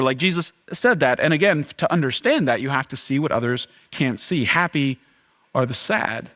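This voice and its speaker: Animated young male pastor preaching. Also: a little high, moderate pace. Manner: animated, acts out crowd reactions in a raised voice. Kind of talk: sermon. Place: church.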